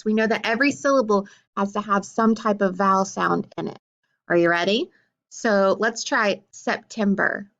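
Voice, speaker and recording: A woman teacher giving a phonics lesson to young children, encouraging them with questions and praise and drawing out words slowly. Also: medium pitch, a bit bright, lo-fi sound. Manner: draws out words slowly for syllable clapping.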